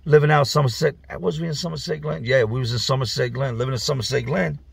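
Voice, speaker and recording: A man casually telling a profane, slangy street story as a vlogger, animated as he retells it. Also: mid-range voice, fast talker, gravelly, breathy edge, no echo.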